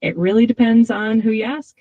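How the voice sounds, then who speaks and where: A woman's voice from an AI voice assistant, answering politely and upbeat in a smooth, even manner. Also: on the high side, fairly quick, dry recording, muffled recording. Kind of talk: cheerful assistant replies.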